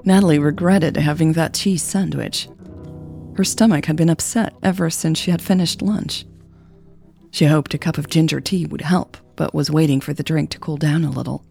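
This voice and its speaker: Gravelly-voiced woman reading a romance story. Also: low voice, fairly even intonation, moderate pace, warm tone, soft background music. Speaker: podcast narrator. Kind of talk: scripted narration of a romance story.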